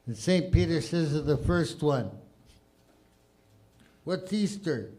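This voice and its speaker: A man's voice: on the high side, moderate pace, mellow. A middle-aged man from Canada hosting a stand-up show, brash and irreverent. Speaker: comedy host. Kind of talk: stand-up comedy. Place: comedy club stage.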